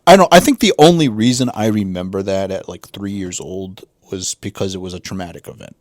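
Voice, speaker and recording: A middle-aged man with a low voice talks casually on a podcast, wandering through his story with lots of restarts and trailing-off phrases. The sound is dry and close, with no room around it. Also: no echo. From western Massachusetts. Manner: rambling, halting storytelling with many restarts. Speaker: podcast co-host. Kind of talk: casual conversation.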